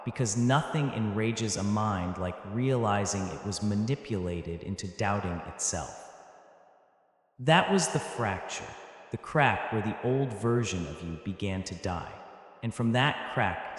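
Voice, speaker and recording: A man giving a dramatic motivational voice-over, slow and emphatic, in short clipped phrases with pauses. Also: lowish voice. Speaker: narrator. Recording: heavy echo with long hall reverb.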